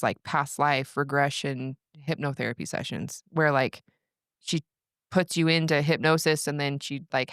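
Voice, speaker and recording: A woman's voice: sits low, dry recording, studio quality. A young adult woman, a podcast guest, telling a personal story in casual chat, rambling with lots of "like" and restarts. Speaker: podcast guest, breathwork practitioner.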